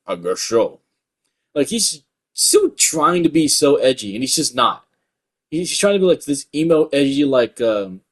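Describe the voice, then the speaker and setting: Profane rambling young man ranting. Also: mid-range voice. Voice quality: light voice. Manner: profane, rambling, full of filler words. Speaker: YouTube commentator. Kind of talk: ranting commentary.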